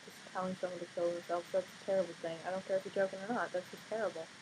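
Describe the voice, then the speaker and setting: Tired young woman talking quietly late at night. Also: lowish voice, level tone, rapid-fire, noisy background. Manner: quiet, tired, rambling with many fillers, blunt outbursts. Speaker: vlogger. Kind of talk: casual vlog monologue. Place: home at night.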